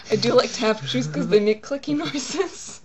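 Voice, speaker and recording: A woman's voice: fairly high pitch, animated, measured pace, crowd noise. A young woman hosting a casual vlog, telling a story in a rambling way full of fillers. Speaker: vlog co-host.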